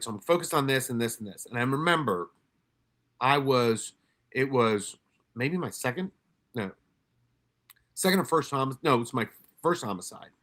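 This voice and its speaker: This middle-aged man, once a homicide detective, tells blunt, profane stories at a workshop, often restarting his sentences. His voice is medium-pitched and a bit bright, and the talk has a candid storytelling feel.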